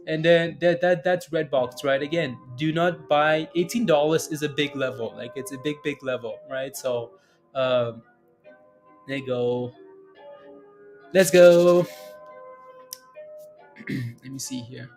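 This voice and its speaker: On a relaxed day-trading livestream, a male host goes over charts and responds to chat questions, meandering with frequent chuckles and filler words. His mid-range voice is fairly even in intonation and a little slow, with faint music behind him.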